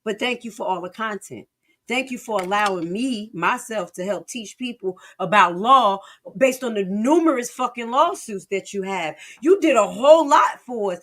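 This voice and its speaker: A woman streamer with reacts in heated, sarcastic bursts. She curses freely and drops from loud outbursts to low mutters. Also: lively intonation, normal speed. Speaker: live-stream commentator. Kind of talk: profane reaction commentary.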